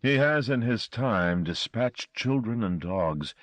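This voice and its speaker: A man voicing a menacing, polite European stranger who speaks slowly and courteously. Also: mid-range voice, lively intonation, dry recording, pitched above the performer's own voice. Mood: cold polite. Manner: slow, courteous, quietly threatening.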